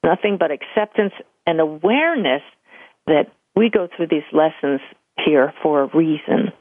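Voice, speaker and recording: A woman's voice: low-pitched, normal speed, no room sound. An older woman, a spiritual medium, telling stories in an interview and acting out the voices she quotes. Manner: animated storyteller, acts out quoted voices. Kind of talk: conversational interview storytelling. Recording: tinny phone-line audio.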